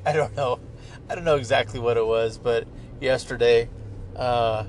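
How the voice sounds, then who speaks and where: A man's voice: mid-range voice, fairly even intonation, measured pace, pauses often. A middle-aged man hosting a podcast, talking in a casual, profane, joking ramble from inside a moving car. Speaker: podcast host. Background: car and traffic noise.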